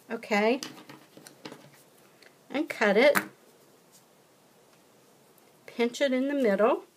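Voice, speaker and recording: A woman with a Southern US accent hosting a casual craft tutorial, chatty, folksy and encouraging as she demonstrates. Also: medium pitch.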